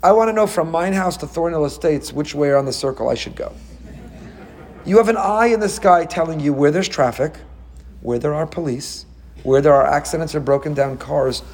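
A man giving a sermon as a rabbi, animated and full of rhetorical questions, with Hebrew terms mixed in. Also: a little high, normal speed.

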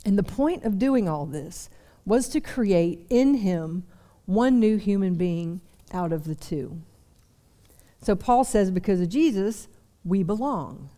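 Preaching to a seated congregation during a church service, a young woman speaks slowly in an animated, medium-pitched voice with a dark tone. Her delivery is chatty and full of self-deprecating asides.

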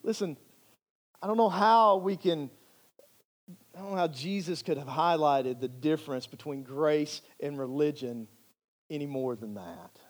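A man's voice: fairly high pitch, unhurried. A male pastor preaching a sermon in an earnest, emphatic way, repeating phrases for emphasis.

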